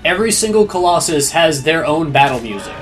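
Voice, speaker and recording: A man with a slightly high voice talks fairly quickly as he guides a friend through a video game, game music playing behind him. He's lively and chatty in this casual let's-play banter, with plenty of restarts.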